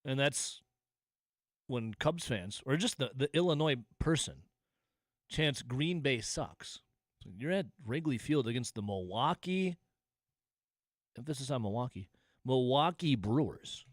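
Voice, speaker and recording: On a studio microphone with no echo, a mid-range male voice hosts call-in sports radio. He is expressive, sarcastic and mocking, stretching his jokes into drawn-out asides, and the sound is studio quality.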